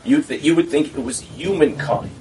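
A man in a conversation telling a story with lively delivery, acting out the people he quotes. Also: a little high, moderate pace. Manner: animated storyteller who acts out quotes. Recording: distant mic with faint background noise.

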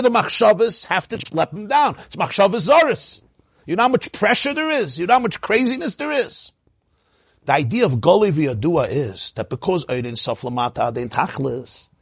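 Animated high-voiced man teaching. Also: slightly rough, dry recording, clean studio sound. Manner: animated, rhetorical questions, laughs often. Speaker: Torah teacher. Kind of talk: lecture on Hasidic teaching.

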